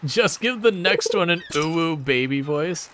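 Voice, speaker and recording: Brief: chatty game commentator, man, lively swinging pitch, slightly high voice. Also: unhurried, slight background noise. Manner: chatty, joking, laughs often. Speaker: gaming video creator. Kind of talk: casual let's-play commentary.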